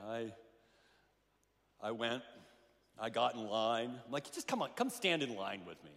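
A man's voice: medium pitch, a bit bright. A man preaching a sermon, telling a story with acted-out voices and many restarts. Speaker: pastor. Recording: hall reverb.

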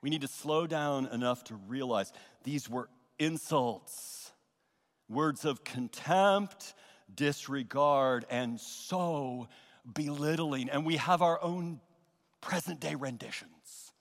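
A man preaching a sermon as pastor, earnest and emphatic, with pauses and repeated phrases. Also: a little high, in a large hall. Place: church sanctuary.

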